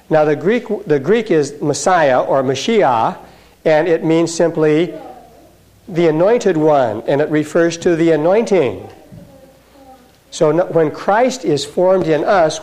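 A man's voice: on the high side, a little mellow. A man teaching a Bible class verse by verse, in a folksy way, putting each verse into everyday words.

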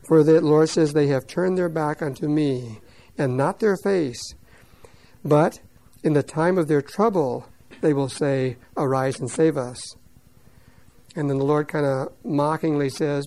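A man teaching verse by verse, reading scripture slowly and loudly, then explaining it quickly in plain words. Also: on the high side, rough recording. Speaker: Bible teacher. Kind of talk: verse-by-verse Bible commentary.

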